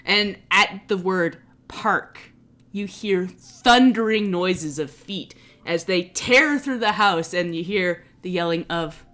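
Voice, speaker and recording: A woman's voice: on the low side, fairly bright tone. A woman as dungeon master, narrating a tabletop game in an easygoing way with frequent laughs.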